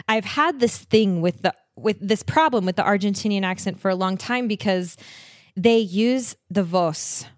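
A woman's voice: mid-range voice, no room sound, studio quality. A woman chatting enthusiastically as a guest about travel and languages, laughing often. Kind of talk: casual travel chat.

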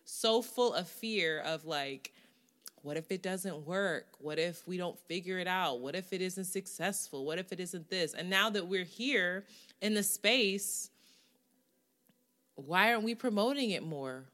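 A woman co-hosting a casual podcast chat, wry and teasing, often trailing off quietly in asides. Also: lowish voice, animated, measured pace. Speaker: podcast co-host and editor.

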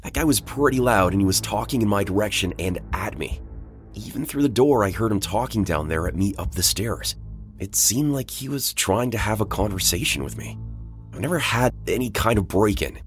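Male narrator, very low register; casual, conversational first-person horror read over faint music. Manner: casual, conversational storytelling with blunt profanity. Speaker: voice actor narrating a listener's story.

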